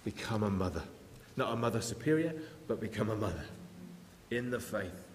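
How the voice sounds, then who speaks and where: A man preaching a sermon in an earnest, storytelling way, with quiet prayerful moments. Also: fairly low pitch, expressive, fairly quick. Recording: echoey hall with faint hiss.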